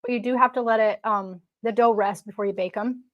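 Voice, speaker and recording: A woman's voice: fairly high pitch, steady tone, brisk, lo-fi sound. A woman hosting a casual live stream, talking in a chatty, rambling way with frequent restarts. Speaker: host.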